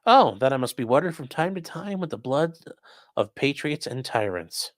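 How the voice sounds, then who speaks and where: On a crime news livestream, a man with a medium-pitched, very animated voice talks at a moderate pace. He's casual and blunt, swears now and then, and reads viewer comments aloud; the studio sound is clean with no echo.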